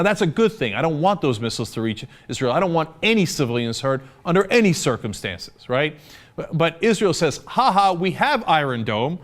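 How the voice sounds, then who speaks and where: A young American man delivers heated opinion commentary, his voice sitting a little on the high side. He sounds indignant and sarcastic and often breaks into filler words. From United States. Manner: indignant and sarcastic, mocks opponents in put-on voices. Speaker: political commentator.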